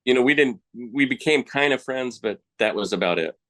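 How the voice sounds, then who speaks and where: A man's voice: mid-range voice, expressive, a little fast, fairly bright tone. A man, a podcast guest, telling his personal story in a frank, colloquial, plainspoken way.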